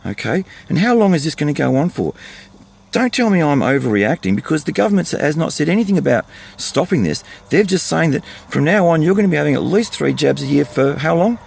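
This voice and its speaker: A man's voice: fairly high pitch, very animated, brisk, vocal fry, a little mellow, a little hiss or hum. An older Australian man giving a fired-up, blunt, repetitive rant to camera from his vehicle while on the road. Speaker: vlogger. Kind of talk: impassioned monologue to camera.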